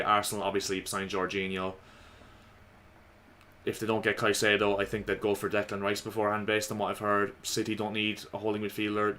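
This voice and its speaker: A man giving casual, opinionated football commentary to his viewers, slightly hoarse. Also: fairly low pitch, fairly bright tone, a little hiss or hum. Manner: chatty, opinionated, addresses viewers as lads. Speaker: football vlogger.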